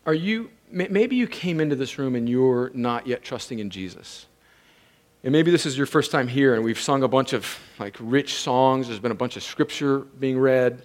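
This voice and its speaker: A man preaching a sermon as pastor, intense, rising from conversational talk to impassioned, shouted pleading. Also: medium pitch, expressive, moderate pace.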